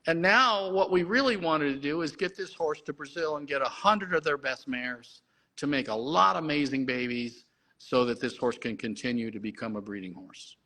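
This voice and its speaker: Bright-voiced middle-aged man telling a story. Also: a little high, moderate pace, low-quality recording. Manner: excited, repetitive restarts. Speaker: horse breeder guest. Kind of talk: animated storytelling.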